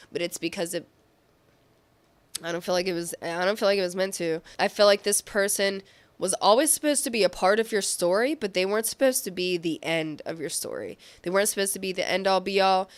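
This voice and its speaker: Speaking with a fairly low, clean-toned voice, a woman offers a relaxed tarot reading. She wanders from point to point, leans on fillers, and keeps revising what she just said.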